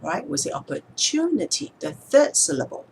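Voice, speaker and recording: Calm, measured woman speech therapist. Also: deep voice, a little hiss or hum. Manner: calm, measured, demonstrates words slowly with stress. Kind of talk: instructional explanation to camera.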